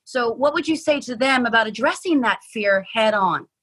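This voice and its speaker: Husky-voiced woman podcast host. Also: a little high, expressive, normal speed, fairly bright tone, low-quality recording. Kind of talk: casual interview chat.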